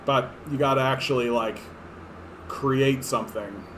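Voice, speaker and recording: A man's voice: medium pitch, steady tone, a little slow, fairly bright tone, a little hiss or hum. A man in his thirties from Canada, rambling through casual political commentary on clips, sarcastic and profane, full of fillers and restarts. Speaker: political streamer.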